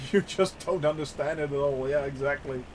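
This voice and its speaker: A young man giving casual live commentary on a flight sim, chatty, laughing often and filling pauses with "uh". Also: on the high side, darkish tone, slight background noise. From Netherlands.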